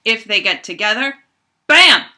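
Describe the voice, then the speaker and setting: Woman, chemistry teacher, animated, bright tone, playful lesson with toys. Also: measured pace. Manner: animated, acts out toy bears in squeaky voices. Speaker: high school chemistry teacher.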